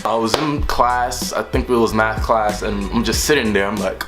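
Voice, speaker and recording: A young man telling a storytime vlog in an animated way, acting out the voices of the people in his story. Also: lowish voice, moderate pace, hardly any pauses, over music. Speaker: vlogger.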